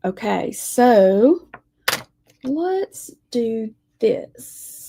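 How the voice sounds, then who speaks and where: Woman, lettering teacher, unhurried, gravelly, mellow tone. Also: on the high side, sing-song, a little hiss or hum. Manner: slow, gentle, talks to viewers while drawing. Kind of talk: live lettering lesson with Bible reading.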